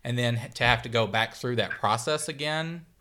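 A man's voice: mid-range voice, normal speed, bright, forceful tone. Rambling male podcast co-host. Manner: rambling, searching for words. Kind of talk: casual chat.

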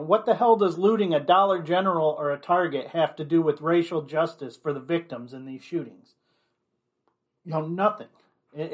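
A man giving an opinionated commentary monologue, blunt and rambling, leaning on constant "you know" fillers. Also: on the high side.

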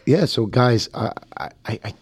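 A man's voice: mid-range voice, expressive, husky, dry recording. Man, podcast co-host, casual chat, repeats himself, dry close sound. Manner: halting, repeats words when starting sentences.

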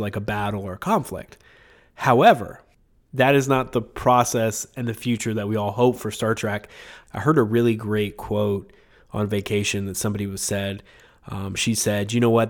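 A man's voice: lowish voice, darkish tone. A man hosting a podcast in casual chat, talking with a sick, congested voice and rambling with many fillers and chuckles. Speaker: podcast host.

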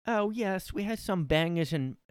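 A man's voice: high voice, animated, normal speed, smooth, long reverb tail, pitched above the performer's own voice. A man putting on a British accent to play a jeering, rowdy male pub regular, in his room. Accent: put-on British. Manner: jeering, exaggerated, shouty.

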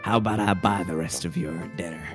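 A narrator voicing a flirtatious male cowboy gunslinger, speaking in a slow, low, gallant drawl. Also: faint music behind, lightly acted.

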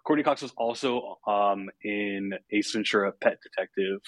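A man's voice: on the low side, moderate pace, fairly bright tone. A man hosting a podcast, casually recapping a horror film with fillers and chuckles. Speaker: podcast host.

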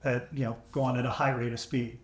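A man guest on a podcast, telling his memories as a veteran at a measured pace with dry humor. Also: medium pitch, flat delivery. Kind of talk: conversational storytelling. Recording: echoey, AI-restored audio.

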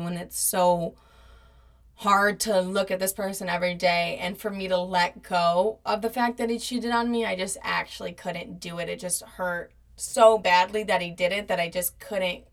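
A woman's voice: fairly low pitch, creaky. A young woman telling a personal story in a casual monologue, swearing often and acting out the people she quotes. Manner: profane, animated retelling with quoted voices.

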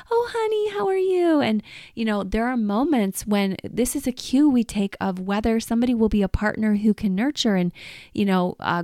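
A woman's voice: medium pitch, a little mellow, dry recording. Earnest woman counselor, dry close voice. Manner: earnest, rambling. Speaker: marriage counselor. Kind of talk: casual advice talk.

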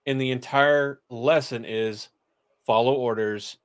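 A man's voice: medium pitch, steady tone, slow, smooth. A man co-hosting a podcast in casual chat, crude, joking and frank. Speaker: podcast co-host.

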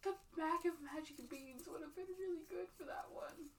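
A woman's voice: extremely high pitch, moderate pace, distant mic, slight background noise. A woman in casual chat over a party card game, laughing and teasing with crude jokes. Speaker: regular player on a friends' board game show.

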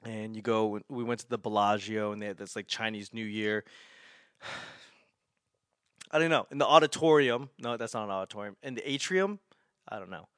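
A man's voice: on the low side, normal speed, pauses often, a bit bright, dry recording. Rambling man telling a story, dry sound. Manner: rambling, laughing, with frequent swearing and restarts. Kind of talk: casual storytelling.

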